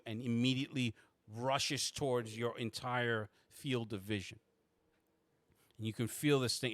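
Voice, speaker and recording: A man's voice: medium pitch, dry recording. A man running a tabletop game as game master, narrating in the second person with frequent halts and restarts.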